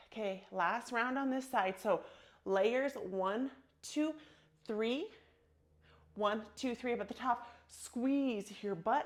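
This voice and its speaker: A woman leading a yoga workout, calling out breath cues in a soothing, encouraging way. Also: on the high side. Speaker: yoga instructor. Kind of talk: guided yoga class cues.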